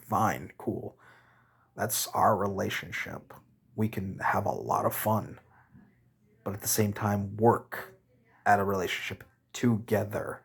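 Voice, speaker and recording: A man with a low, husky voice rants to his camera, blunt and exasperated. He swears freely, stumbles, and stops to take back what he just said. His delivery is rambling and candid. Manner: frustrated, blunt, swearing, rambling with self-corrections. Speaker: vlogger.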